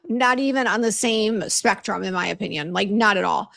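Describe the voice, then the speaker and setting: A woman with a medium-pitched, creaky, fairly bright voice talks at a moderate pace. She owns a beauty brand and is hosting a casual livestream, reading viewer comments, greeting people by name, and venting about a bad hair appointment with lots of fillers and restarts.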